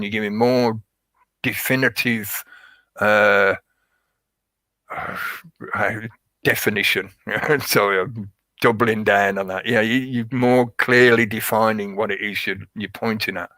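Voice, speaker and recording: A man's voice: on the low side, steady tone, unhurried, bright, forceful tone, no room sound, poor audio. A man giving a casual, rambling monologue as a show host. He repeats himself and stresses his points. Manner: rambling, repetitive, emphatic. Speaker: podcast host.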